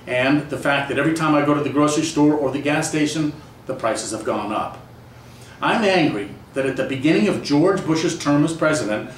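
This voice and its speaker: A man's voice: fairly high pitch, a little hiss or hum. A man speaking as a political candidate, listing grievances in an indignant, repetitive campaign speech. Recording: echoey room from far off.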